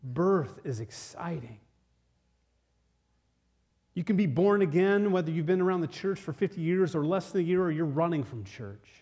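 A man preaching a sermon, telling a personal story in an animated way with many restarts. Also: on the high side, moderate pace, long pauses, slightly rough. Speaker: pastor.

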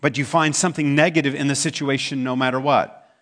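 A man's voice: mid-range voice, steady tone, brisk, a bit bright. A man preaching a sermon as pastor, talking in a conversational way and asking the congregation questions. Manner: acts out quoted voices in the stories.

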